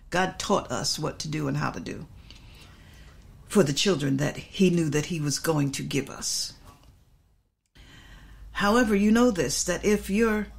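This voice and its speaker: A woman's voice: lowish voice, gravelly. Woman pastor giving repetitive, emphatic Bible teaching.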